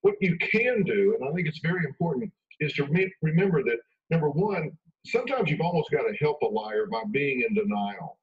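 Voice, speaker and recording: A man's voice: fairly high pitch, very animated, a little fast. Man on a distant, dull radio clip. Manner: emphatic, conversational, acts out quotes. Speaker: radio guest expert. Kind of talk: radio interview. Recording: dull radio broadcast from far off.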